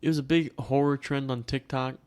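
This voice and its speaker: An easygoing young man with a smooth, clear voice sits in as podcast co-host, mostly backing up his partner with quick agreeing remarks. His pitch sits in the middle range. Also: fairly even intonation, darkish tone. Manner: short agreeing interjections, easygoing. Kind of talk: casual chat.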